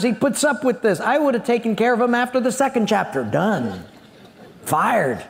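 A man's voice: extremely high pitch, big pitch swings, moderate pace, vocal fry. A man preaching a sermon, telling a story with animation and acting out the scenes. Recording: long hall reverb.

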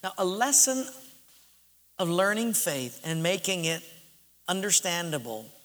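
A male pastor delivers a sermon in a strikingly high, bright voice. He tells stories with drama, pushing loud, then dropping to hushed asides. A long hall echo trails his words. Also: big pitch swings, unhurried. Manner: dramatic storytelling, swinging between loud and hushed. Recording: echoey hall reverb.

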